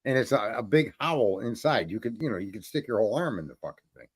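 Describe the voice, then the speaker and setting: A man's voice: lowish voice, lively intonation, quick pace, slightly rough, no room sound, studio quality. A man hosting a casual talk show, telling crude rambling anecdotes full of swearing and laughter. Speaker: host. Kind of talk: crude casual podcast storytelling.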